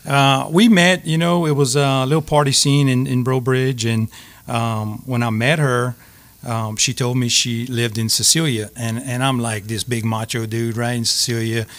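A middle-aged man, a guest telling a personal story in an earnest, halting way with many restarts. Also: medium pitch, fairly even intonation, a bit bright.

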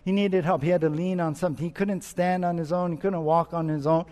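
A man with a high voice delivers an earnest expository sermon, asking his listeners question after question and circling back over his points. His voice rings out with a long hall reverb. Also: steady tone, brisk, a little mellow. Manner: earnest, asks rhetorical questions, repeats himself. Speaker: pastor.

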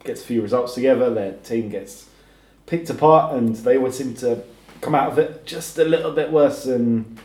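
A man's voice: mid-range voice, moderate pace, a little mellow, echoey room. A man on a football podcast, thoughtful and often saying "you know". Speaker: podcast panelist. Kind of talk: casual football chat.

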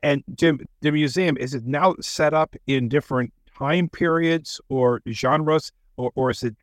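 A man's voice: on the high side, unhurried, no room sound. A man in his thirties hosting a radio interview, prompting his guest with short questions and murmured acknowledgments. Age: 30s. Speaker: radio host. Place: radio studio.

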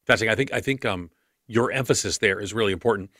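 A man hosting a podcast, asking eager, animated questions with quick restarts. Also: fairly low pitch. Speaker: podcast host. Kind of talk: casual interview conversation.

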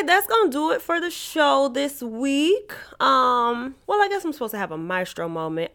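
A woman hosting a podcast, ranting about a TV show in a profane, dramatic way, swinging from shouting to low asides. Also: clear, resonant tone. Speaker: podcast host reviewing a TV show. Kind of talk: animated comedic rant.

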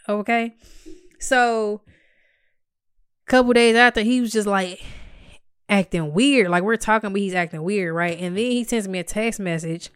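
A woman's voice: medium pitch, unhurried, pauses often, clean tone, no room sound. A woman telling a personal story to her viewers in a candid, blunt and profane way, with dry, exasperated humor, acting out what she said at the time. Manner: blunt and profane, acts out her own quoted lines.

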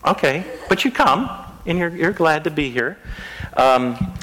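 A man's voice: on the high side, expressive, a little slow, background noise. A man pastor giving a children's message in a rural church, talking in a conversational way and asking the children simple questions. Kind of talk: children's sermon.

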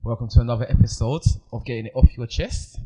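A man's voice: medium pitch, fast, warm tone. A man hosting a casual podcast, playful and upbeat. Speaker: podcast host.

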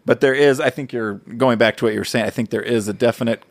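A man in a casual chat, adding quick quips and laughing along. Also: medium pitch, dry recording.

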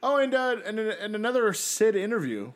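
Male podcast co-host, slightly higher voice, lively casual recapper. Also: normal speed. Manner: animated storyteller, laughs often, acts out quotes. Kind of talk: casual chat.

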